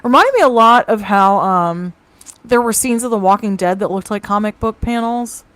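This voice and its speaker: A woman chatting on a live show from home, her voice dry and close with no room around it. She talks in a middle pitch, quick and chatty, and reads out viewer comments with asides. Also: expressive, a bit bright, no room sound. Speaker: co-host reading viewer comments. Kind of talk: casual live show chat. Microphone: home mic on a video call.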